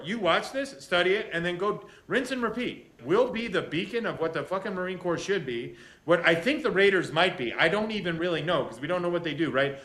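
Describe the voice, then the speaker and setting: A man's voice: on the high side, bright, forceful tone. A man hosting a casual interview who swears heavily and talks in intense, emphatic rants. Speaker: podcast host. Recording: echoey room.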